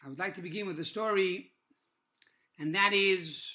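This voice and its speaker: A man with a high-pitched, sharp voice teaches a Torah class in sermon style. He tells stories at a measured pace, pausing often, using fillers and Hebrew religious terms.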